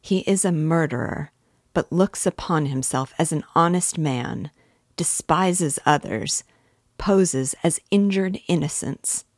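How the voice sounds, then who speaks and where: A woman's voice: low voice, slow pace, dry recording, studio quality, full character voice. A woman reading as a shrewd, insistent male magistrate. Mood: probing. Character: shrewd middle-aged male magistrate, probing.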